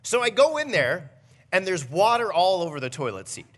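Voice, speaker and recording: A young man, a pastor, giving a conversational Christmas Eve message with animated storytelling. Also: high-pitched, normal speed. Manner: animated storytelling, builds to near shouting.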